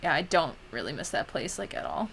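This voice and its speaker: A woman's voice: low-pitched, sing-song, fairly quick, creaky, fairly bright tone, slight background noise. A young woman streamer chatting casually while editing photos, giggly and tired, full of "like" with a Valley Girl lilt.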